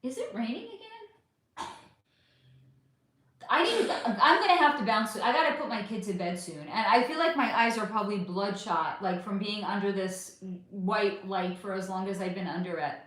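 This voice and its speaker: A woman's voice: mid-range voice, expressive, a little fast, few pauses, fairly bright tone. An American woman hosting a livestream, chatting casually with viewers and reading out their comments, affectionate and swearing freely as she calls them honey. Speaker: livestream host. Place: at home under a bright light. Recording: very echoey room.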